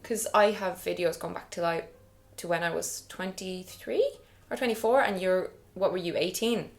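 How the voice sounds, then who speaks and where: A woman's voice: lowish voice, normal speed. A young woman with an Irish accent chatting frankly and laughing easily while she does her makeup indoors. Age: young adult. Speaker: guest vlogger. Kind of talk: casual chat while doing makeup. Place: indoors, getting ready.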